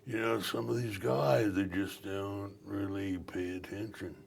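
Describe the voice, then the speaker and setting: A laid-back older surfer dude drawls slowly and softly, voiced by a man. He sounds mellow. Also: on the low side, fairly even intonation, gravelly, a little hiss or hum.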